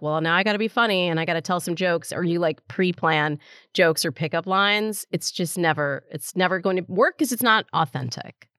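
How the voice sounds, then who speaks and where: A woman's voice: medium pitch, a bit bright, no room sound, clean studio sound. A woman hosting a podcast in casual conversation, chatty with lots of fillers and easy laughter. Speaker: podcast host.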